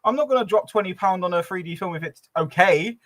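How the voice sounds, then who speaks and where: A man's voice: high-pitched, fast. A man from East London with a trained, neutral English accent, chatting casually on a livestream and acting out quotes as he tells stories. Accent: neutral English, trained from Cockney. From East London, England. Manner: animated storyteller who acts out quotes and laughs often. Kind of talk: casual chat.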